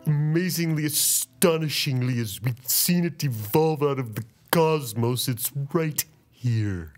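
A man's voice: medium pitch, music in the background, pitched above the performer's own voice, lightly acted. A man doing an awed, grandiose cosmic narrator. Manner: slow, marveling, sing-song delivery. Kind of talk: comic impression, sung theme.

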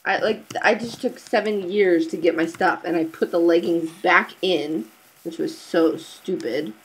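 A woman's voice: fairly low pitch, measured pace, slight background noise, low-quality recording. A woman with a Southern US accent hosting a casual gaming chat, chatty and self-deprecating, saying "like" a lot. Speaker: gaming channel host.

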